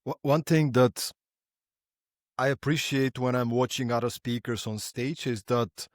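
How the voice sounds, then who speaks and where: A man hosting a podcast, asking thoughtful, drawn-out questions in a conversational way. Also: medium pitch, fairly even intonation, no echo, clean studio sound. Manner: thoughtful, sets up questions at length. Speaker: podcast host.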